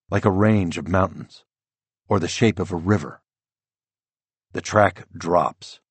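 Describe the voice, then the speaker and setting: A man narrating a first-person novel as an audiobook, measured and descriptive. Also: deep voice, breathy edge, no echo.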